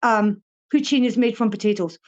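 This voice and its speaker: A woman's voice: fairly high pitch, normal speed, a little mellow, muffled recording. An older woman with a Fife Scottish accent, a guest chatting bluntly in an interview, swearing freely and laughing often. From Scotland (Fife). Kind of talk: casual interview chat.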